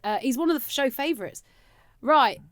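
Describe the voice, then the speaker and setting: A woman's voice: sits high, animated, moderate pace, dry recording, clean studio sound. A woman co-hosting a podcast, chatting casually in a bubbly way and laughing easily. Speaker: co-host.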